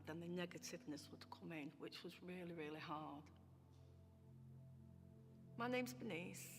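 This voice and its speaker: Heartfelt woman telling her own story. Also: fairly low pitch. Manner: heartfelt, repeats phrases for emphasis. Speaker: former client giving a testimony. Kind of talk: filmed personal testimony.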